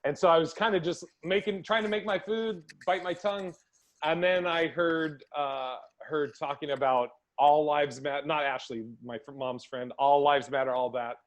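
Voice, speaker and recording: Podcast guy, kinda high voice, acts out the convos in his stories, chatty over a video call. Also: moderate pace. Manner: animated storytelling, acts out quotes. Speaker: podcast host. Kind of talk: casual podcast chat.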